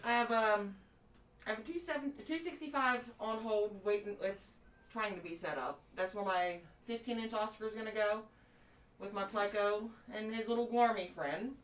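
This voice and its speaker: A woman's voice: mid-range voice, moderate pace, far from the mic. A woman, a guest fishkeeper on a livestream, speaking hesitantly with many ums. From West Virginia, United States. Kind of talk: casual livestream chat. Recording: echoey room, off-mic.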